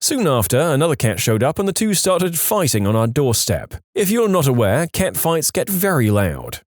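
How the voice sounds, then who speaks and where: Guy reading internet stories out loud, voice all over the place, super dry close mic. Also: fairly high pitch, moderate pace, no room sound. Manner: animated reading, acting out quoted lines in raised voices. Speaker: story narrator. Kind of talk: reading online stories aloud.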